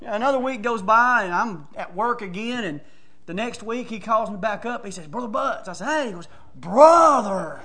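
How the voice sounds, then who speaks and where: A man. He tells stories in a folksy, excitable way and now and then climbs to shouting. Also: high voice, fairly quick. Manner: excitable storytelling, rising to shouts; folksy, says "man" and "brother" often. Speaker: preacher. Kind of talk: sermon.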